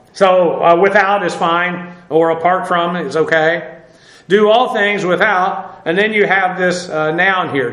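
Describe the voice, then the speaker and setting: A man's voice: sits high, fairly bright tone, roomy sound. A man preaching a verse-by-verse Bible lesson, talking conversationally with many fillers and repeats, spelling out Greek words. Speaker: pastor. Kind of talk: expository Bible teaching.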